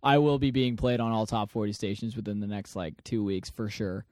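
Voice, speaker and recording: A man's voice: fairly low pitch, steady tone, a little fast, a little mellow, dry recording, studio quality. A man in his twenties co-hosting a podcast in casual chat, joking, laughing often and telling stories with quoted voices. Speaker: podcast co-host.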